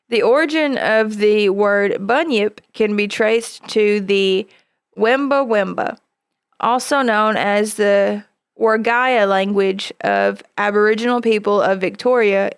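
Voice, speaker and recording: A woman's voice: mid-range voice, vocal fry, smooth, no echo, studio quality. A woman hosting a podcast in casual chat, blunt and profane, laughing often. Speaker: podcast host.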